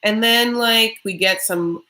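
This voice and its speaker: A young woman hosting a reality-TV recap vlog, ranting bluntly and profanely, with quick mocking impressions of the people she describes. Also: on the high side, sharp tone. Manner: mocking, with quick acted-out quotes. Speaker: recap vlogger.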